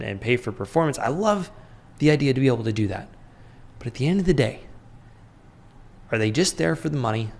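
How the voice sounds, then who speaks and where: This is a man in his thirties talking through business advice on a podcast. His mid-pitched voice has a gravelly fry to it, and he speaks in a loose conversational way, scattering fillers and rhetorical questions throughout. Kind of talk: casual advice talk.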